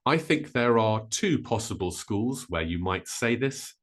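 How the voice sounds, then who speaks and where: A man teaching a vocabulary lesson, modelling each word slowly and carefully. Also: on the low side, animated, a bit bright. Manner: slow, careful, with drawn-out model words. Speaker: English teacher.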